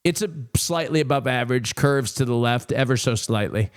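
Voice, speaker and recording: A man's voice: mid-range voice, brisk, few pauses, clear, resonant tone. A young man chatting casually on a livestream at home, rambling and self-mocking with lots of fillers. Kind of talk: casual chat. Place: home streaming room.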